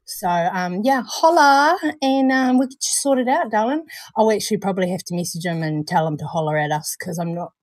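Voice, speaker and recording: A woman's voice: mid-range voice, lively intonation, a little fast, no room sound. A woman co-hosting a live stream in casual chat, bubbly and laughing often. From New Zealand. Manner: bubbly, laughs often, calls people darling. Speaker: livestream co-host.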